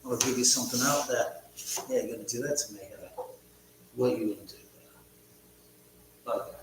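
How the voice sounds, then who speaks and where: A man's voice: mid-range voice, steady tone, brisk, close to an everyday voice. Guy doing a mean hard man, taunting and picking a fight, super echoey room with a little hum. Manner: taunting, mock-threatening. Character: menacing South African tough guy, taunting.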